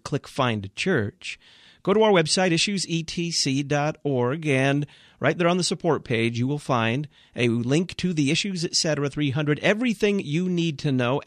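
Man hosting talk radio, mid-pitched, brisk announcer reads, dry close sound. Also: dry recording. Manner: brisk announcer reading promos and thanking guest. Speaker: radio show host.

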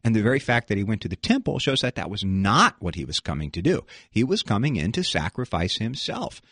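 A man's voice: on the low side, big pitch swings, a little fast, a bit bright, dry recording, clean studio sound. A male pastor, a guest on a radio talk show, explaining a hymn in a thoughtful way with frequent fillers and restarts. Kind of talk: casual theological discussion.

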